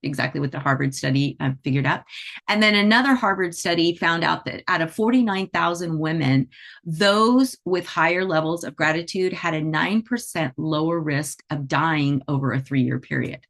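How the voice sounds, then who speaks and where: Low-voiced woman teaching in a chatty way. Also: moderate pace, fairly bright tone. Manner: chatty, with frequent "you know" and "right?" asides. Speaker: animal Reiki teacher. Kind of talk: conversational teaching talk.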